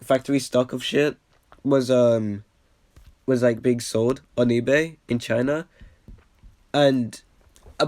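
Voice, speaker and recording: A young man casually rambling over an old video, packed with "like" fillers and the odd swear, getting excited and then trailing off. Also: medium pitch, dry recording. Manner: excitable bursts, trails off with a quiet "yeah". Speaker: reaction video host.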